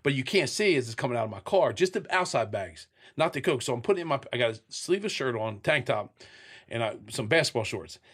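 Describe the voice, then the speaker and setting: A man with a husky, somewhat breathy voice at an average pitch talks as an interview guest. He tells his stories bluntly, swearing freely and acting out scenes with sound effects. He is middle-aged and speaks in a candid, storytelling way. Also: animated, fast talker, fairly bright tone.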